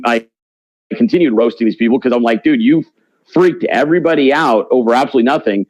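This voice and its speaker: A man's voice: medium pitch, dry recording, poor audio. A man talking as an interview guest in a blunt, brash, slangy way. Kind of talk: casual interview talk.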